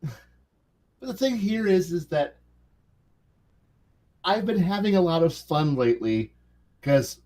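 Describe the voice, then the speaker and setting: A man's voice: a little high, expressive, slow, long pauses, a little mellow. Rambling man chatting about tabletop games. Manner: rambling, many restarts and fillers. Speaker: podcast co-host.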